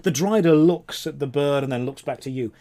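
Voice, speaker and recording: A man running a tabletop game as game master, narrating scenes in a descriptive, drawn-out way. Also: on the high side, mellow.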